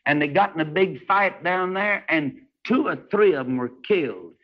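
A man preaching a fervent sermon, swinging between loud rising highs and hushed low passages. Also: lively intonation, normal speed. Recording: dull lo-fi old recording.

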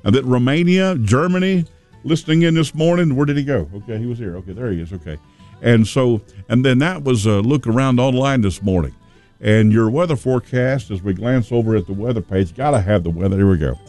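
Folksy low-voiced radio host. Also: male voice, a little fast, dark tone, soft background music. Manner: folksy, rambling, chatty with fillers. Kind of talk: casual local radio talk. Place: radio studio.

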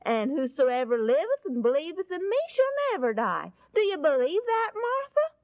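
A woman voicing Jesus, speaking in a calm, reassuring and authoritative way. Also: high voice, normal speed, no room sound, pitched above the performer's own voice. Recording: dull lo-fi recording.

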